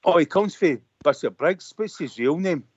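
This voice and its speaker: A man's voice: a little high, lively intonation, normal speed, slight background noise. A Glaswegian man in his fifties calling in over a computer, chatting casually and rambling with many fillers. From Scotland. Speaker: caller. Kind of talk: casual phone-in chat. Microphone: computer call. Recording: dull lo-fi call line.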